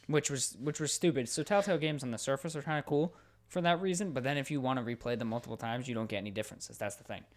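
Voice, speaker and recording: This man co-hosts a podcast with an easy, casual delivery. He gets worked up quickly and swears freely. His thoughts come out in rapid, excited bursts. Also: medium pitch. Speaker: podcast co-host. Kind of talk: casual chat about video games.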